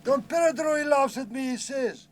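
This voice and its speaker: A man's voice: very high-pitched, moderate pace. A man playing a boastful farmer, telling a yarn in mock Spanish-flavored broken English and tagging lines with "eh?" at a live reunion skit. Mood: storytelling. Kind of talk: comic storytelling skit. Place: live reunion stage before audience. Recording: noisy live hall recording.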